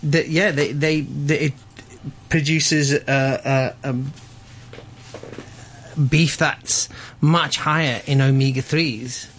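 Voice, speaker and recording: A man talking as a chef guest in a radio studio, casual and halting, full of fillers and restarts. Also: on the high side, fairly even intonation, fairly bright tone, a little hiss or hum.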